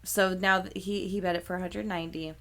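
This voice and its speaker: A woman's voice: fairly low pitch, level tone, a little fast, fairly bright tone. A woman co-hosting a podcast, animatedly retelling a movie plot in casual chat, full of "like" and casual swearing. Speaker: podcast co-host.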